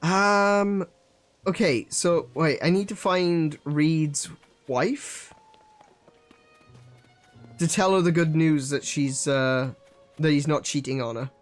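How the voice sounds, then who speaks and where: A man's voice: a little high, slow, pauses often, soft background music. A man chatting casually while streaming a video game, joking and talking to his viewers. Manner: chatty, laughs at himself, many restarts. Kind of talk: casual let's-play commentary.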